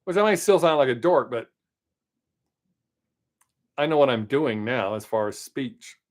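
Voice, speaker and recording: Hosting a live stream from home, a Southern-accented man with a mid-range voice and lively intonation chats in a rambling, casual way. He mentions that he tries to talk fast.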